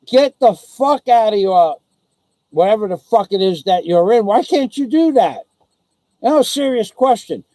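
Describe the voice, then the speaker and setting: A vlogger living in the Philippines rants angrily and profanely on his own live stream, taunting and threatening someone. His voice sits high and sounds expressive, unhurried and warm. The recording is rough but has no echo.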